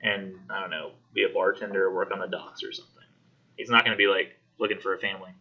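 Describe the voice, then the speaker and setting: Man, college English teacher, casual class discussion, slightly low voice, dull lo-fi sound. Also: fairly even intonation, slightly rough. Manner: casual, acts out characters in quick voices.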